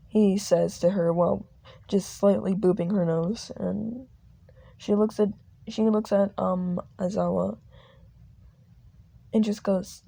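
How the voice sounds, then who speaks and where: A young woman narrating a fan audio drama slowly, halting and restarting. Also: medium pitch, fairly even intonation, gravelly, mellow.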